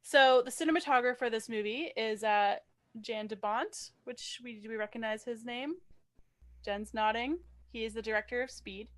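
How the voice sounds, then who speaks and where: Young woman, higher pitch, podcast co-host, reads trivia with fillers, wry. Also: moderate pace, a bit bright. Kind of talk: casual film chat, reading trivia.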